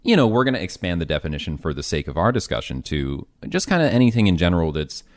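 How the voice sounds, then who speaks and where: Very deep-voiced animated male podcast host. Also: quick pace. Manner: animated, rambling with fillers and restarts. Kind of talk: casual generational debate chat.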